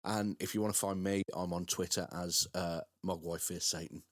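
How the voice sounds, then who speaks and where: A man co-hosting a podcast who plugs his episodes in a relaxed, hesitant way, with many "uh"s. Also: sits low, moderate pace, no echo, clean studio sound. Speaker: podcast co-host. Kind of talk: casual podcast chat, plugging his shows.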